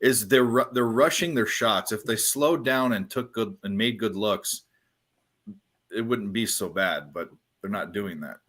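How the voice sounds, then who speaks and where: A man's voice: fairly low pitch, a little slow, a bit bright. A man co-hosting a live sports stream, giving blunt casual analysis of the game. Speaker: co-host.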